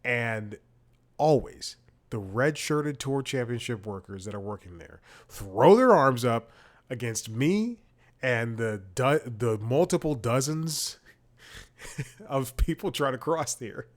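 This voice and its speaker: A man's voice: mid-range voice, animated, takes it slowly. Man rambling through a casual anecdote. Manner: rambling anecdotes with frequent self-corrections. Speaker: podcast host. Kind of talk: casual comedic chat.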